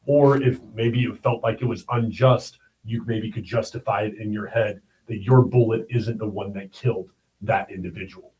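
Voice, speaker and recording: A man's voice: fairly low pitch, steady tone, moderate pace, mellow, lo-fi sound. A man hosting a livestream, giving blunt, emphatic commentary on the news and often checking in with "all right?". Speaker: livestream host.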